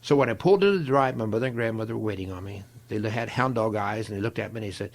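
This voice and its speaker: Gravelly older man telling stories. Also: on the low side, very fast. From Ohio, USA. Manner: animated storyteller, acts out quoted voices. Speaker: guest, longtime football equipment manager. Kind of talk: storytelling interview.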